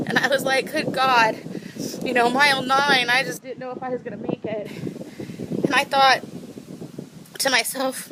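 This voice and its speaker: A woman's voice: sits high, level tone, moderate pace, long pauses, noisy background. A woman vlogging right after a half marathon, talking in a heartfelt, rambling way and correcting herself, tired from the run, outdoors on a lookout spot. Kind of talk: emotional personal vlog.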